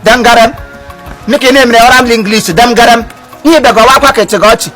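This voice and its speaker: A man with a Nigerian accent performing a comedy skit as an uncle, loud and theatrical, stammering and wailing. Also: extremely high pitch, fairly even intonation, fast talker, low-quality recording. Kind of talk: comedy skit, mixing Igbo and pidgin English. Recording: music playing behind.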